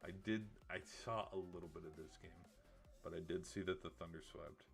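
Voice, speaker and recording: A man's voice: low voice, brisk, gravelly, soft background music. A tired man chatting casually on a late-night livestream, rambling and getting heated, with lots of filler words and restarts. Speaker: streamer.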